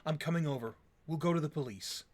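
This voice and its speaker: A man's voice: a little high, quick pace, a little mellow, close to an everyday voice. A man voicing a chatty, caring young woman who is a playful best friend. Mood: worried. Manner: chirpy, teasing, caring.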